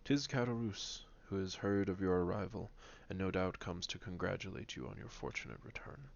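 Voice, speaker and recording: A man voicing a gentle, frugal old father in a read-aloud novel, speaking softly and mildly. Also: low-pitched, moderate pace, creaky, muffled recording.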